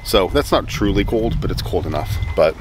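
Low-voiced man chatting in a casual vlog. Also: lively intonation, normal speed, echoey room, a little hiss or hum. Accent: Midwestern American. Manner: chatty, rambling, self-mocking. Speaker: vlogger.

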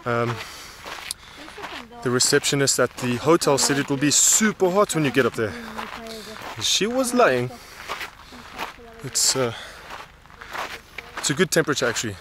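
A man's voice: mid-range voice, big pitch swings, measured pace, pauses often. A man vlogging casually outdoors while hiking a volcano path, chatting to viewers and sounding tired from walking. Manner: chatty, talks to viewers and companion. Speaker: travel vlogger. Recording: loud outdoor noise.

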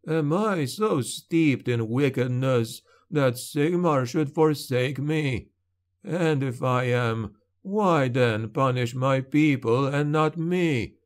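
A man voicing a frail old male patriarch who speaks with a lisp, slow and pleading in despair. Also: medium pitch, lightly acted. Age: older.

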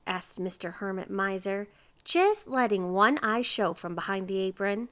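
Woman, children's story read-aloud, expressive, bright tone. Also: mid-range voice, normal speed, smooth. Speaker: children's book reader. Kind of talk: reading a picture book aloud.

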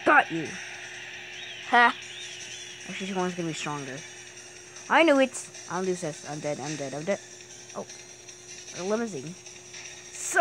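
Excitable woman shrieking through gameplay. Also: on the low side. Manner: excitable, bursts into shrieks and yelps; talks to herself while playing. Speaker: gaming channel host. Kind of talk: casual gameplay commentary.

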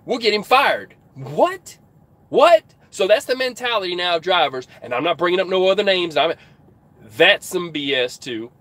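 A man, a truck driver, telling a story in casual, excitable vlog style from his truck cab and acting out the dialogue. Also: normal speed. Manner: excitable, acts out dialogue in a higher voice.

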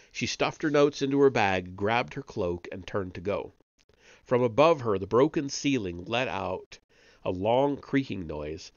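A man reading a novel aloud on a live stream, steady with small slips and self-corrections. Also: lowish voice, dry recording, highs cut off. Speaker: audiobook reader on a live stream.

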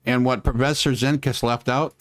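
A man talks through a casual political live stream, drifting between muttered asides and sarcastic jabs with a fair amount of swearing. His voice sits at an ordinary middle pitch. The sound is dry and close, with no room around it. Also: steady tone, normal speed, no room sound. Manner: rambling, sarcastic, mutters while working the computer, swears.

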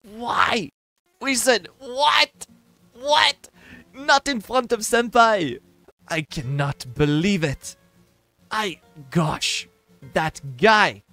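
Man doing a halting childish young guy, stammering, lively swooping pitch, slow, faint music. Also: dry recording, exaggerated voice. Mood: indignant. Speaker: streamer. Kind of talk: live-stream impression of a teammate.

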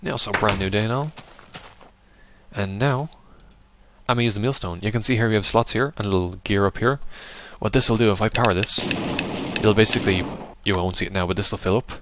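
A man giving rambling, casual let's-play commentary over a game, now and then yelping loudly at what happens. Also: lowish voice, a little fast, noisy background. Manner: chatty, rambling, bursts into loud yelps at the game. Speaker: gaming video host.

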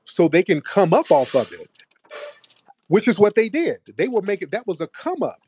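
A man's voice: high-pitched, big pitch swings, normal speed, darkish tone, slight background noise. A man hosting a heated debate, pressing his points insistently. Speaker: host.

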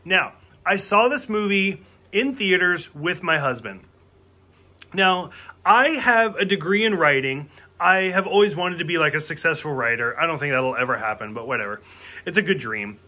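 A man's voice: on the high side, lively intonation, moderate pace, bright, forceful tone. A man giving a casual, ranting movie review. He talks frankly, swears a lot, fills his speech with "like", and acts out quoted lines. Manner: frank and profane, with filler "like" and acted-out quotes.

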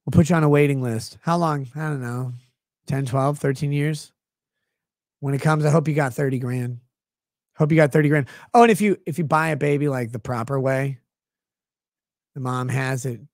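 A livestream commentator delivers a long, sarcastic rant, full of exasperated swearing. The voice sits at a middling pitch. The sound is dry, with no room echo. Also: moderate pace, pauses often. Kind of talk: profane comedic rant.

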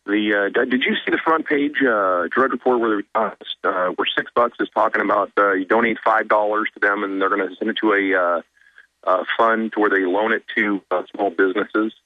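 A male caller on a radio show talks haltingly and leans on fillers. His voice sits on the low side, and the audio comes through a dull, lo-fi phone line with a dry sound. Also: dry recording. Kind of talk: call-in radio.

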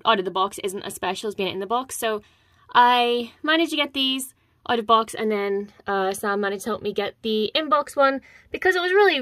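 A woman's voice: medium pitch, pushed and bright, no echo, studio quality. A young woman casually showing off her collection in a vlog, gushing and enthusiastic with lots of ums and repeated words. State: slightly out of breath. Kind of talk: casual show-and-tell vlog.

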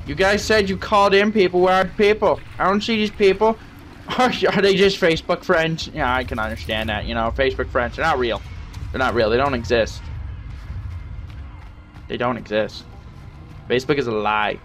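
A man's voice: a little high, brisk, a bit bright, faint music behind. A young man playing a game and commenting with crude, joking banter, talking to the characters on screen. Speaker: gaming channel host.

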